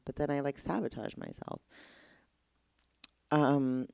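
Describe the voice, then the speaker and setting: A woman's voice: low-pitched, normal speed, creaky, darkish tone, clean tone, no echo. A young woman hosting a casual solo podcast, candid and exasperated, rambling with lots of "like". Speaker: podcast host.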